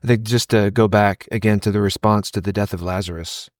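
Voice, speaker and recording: A thoughtful man co-hosts a Christian podcast and quotes scripture in a measured way. His voice is lower than most men's. The sound is dry and close-miked. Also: steady tone, darkish tone, no room sound. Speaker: podcast co-host.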